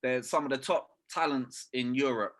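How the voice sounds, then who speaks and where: A man's voice: mid-range voice, moderate pace, fairly bright tone. A young man, talking football in a casual podcast chat, full of slang and swearing. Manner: slangy, swearing, keeps saying "bruv". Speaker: podcast co-host.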